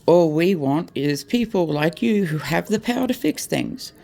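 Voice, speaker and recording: A woman's voice: lowish voice, expressive, unhurried, vocal fry, warm tone. Blunt, heated Australian woman ranting. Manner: blunt and heated, swearing, heavy use of "like" and "mate". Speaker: vlogger. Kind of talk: ranting straight to camera.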